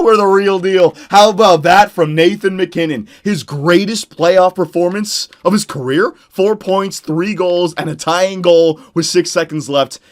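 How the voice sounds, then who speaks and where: A young man commentating on his own hockey video game, swinging between loud excited shouts and low muttered talk, his voice worn out. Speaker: gaming YouTuber.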